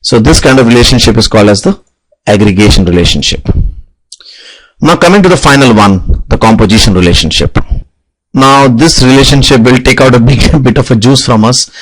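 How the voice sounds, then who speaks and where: A man's voice: medium pitch, animated, fairly quick, poor audio. A man teaching object-oriented programming, talking through code as he types it, with frequent "okay" and "you know" fillers. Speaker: programming instructor. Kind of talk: live coding tutorial.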